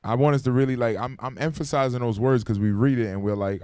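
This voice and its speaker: This man talks fast with hardly any pauses, his medium-pitched voice a little mellow and free of echo. Teaching an informal Bible class to a room full of people, he stays conversational but urgent and repeatedly calls for their answers, captured on a microphone.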